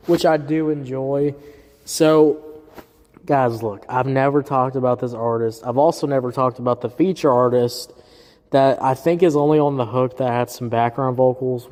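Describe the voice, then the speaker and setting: A man's voice: mid-range voice, dark tone. Profane rambling man reviewer. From southern US. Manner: profane, rambling, heavy fillers. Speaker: music reviewer host. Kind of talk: casual solo review chat. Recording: roomy hall reverb.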